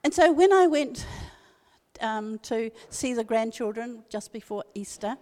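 Older New woman, slightly high voice, earnest emphatic church talk, long hall reverb. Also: expressive, unhurried, warm tone. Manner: earnest, emphatic, repeats key phrases. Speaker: speaker at a women's church meeting. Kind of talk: devotional talk with personal story.

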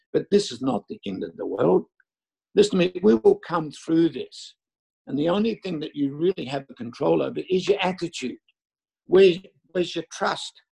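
A man's voice: fairly high pitch, vocal fry, a little mellow, slightly rough, rough recording. An older man preaching a sermon, telling stories and repeating phrases for emphasis. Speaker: pastor.

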